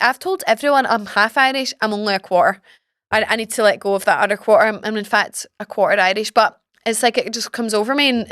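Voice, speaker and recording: Young woman host, chatty storyteller, pitched a little high, dry close sound. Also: no echo. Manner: chatty, animated, swears freely. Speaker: podcast host. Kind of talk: casual storytelling chat.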